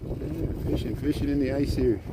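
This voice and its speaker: A friendly, chatty vlogger livestreams a bike tour by a city lakefront harbor, pointing out sights as he rides. His ordinary middle-pitched voice has fairly even intonation and a moderate pace. The bike-mounted camera clearly picks up wind from riding and traffic noise.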